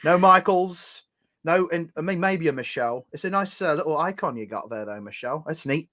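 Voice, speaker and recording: Man, fairly high voice, playful, jokey, casual stream guest. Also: animated, brisk, pushed and bright. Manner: playful, jokey, does mock accents. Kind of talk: casual livestream chat.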